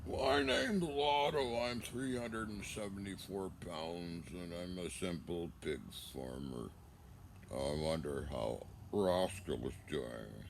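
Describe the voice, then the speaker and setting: A man playing a hulking, slow-witted male pig farmer who drags out every word. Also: sits low, expressive, creaky, a little hiss or hum, voice pushed down, exaggerated voice. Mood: dopey. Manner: slow, drawn-out, dopey delivery.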